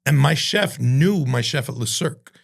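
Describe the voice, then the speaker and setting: Gravelly, animated man telling kitchen stories. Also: mid-range voice, normal speed. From Cuban-American from New Jersey. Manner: animated, profane, acts out dialogue in voices. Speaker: chef and entrepreneur, podcast guest. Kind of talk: casual storytelling interview.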